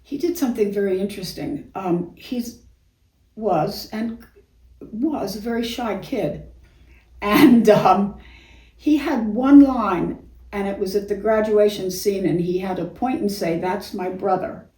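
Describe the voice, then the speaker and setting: A woman's voice: medium pitch, a little slow. Older woman, stage performer, chatty storyteller, distant mic, roomy echo. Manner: chatty storyteller, warm laughs through anecdotes. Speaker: actress and singer, guest. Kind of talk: casual interview, reminiscing.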